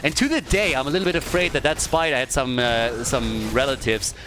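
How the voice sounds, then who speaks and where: A man casting a live video game match, talking casually, swearing freely and breaking into animated stories. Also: medium pitch, brisk, over music. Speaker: esports caster.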